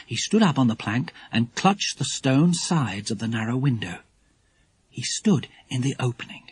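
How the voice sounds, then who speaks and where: A man's voice: medium pitch, moderate pace, slightly rough, no room sound. Man narrating a kids audiobook, bouncy delivery, dry close studio sound. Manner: lively, expressive storytelling.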